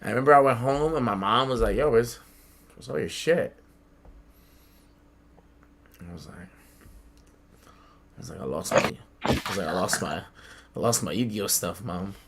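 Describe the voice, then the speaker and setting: A young man from the Bronx spins a childhood story on a casual podcast. His voice is low and bright, and he talks with lively, loose energy, swearing and playing out each quote. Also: a little fast, pauses often, slight background noise. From the Bronx, New York. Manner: animated, swears a lot, acts out quotes. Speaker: podcast co-host. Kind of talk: casual storytelling among friends.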